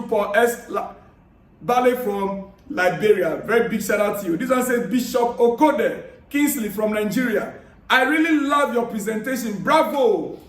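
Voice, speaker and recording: A man vlogging about football news, chatting casually and giving friendly, repetitive shout-outs while reading viewer comments aloud. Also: very high voice. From Africa. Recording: echoey room, distant mic.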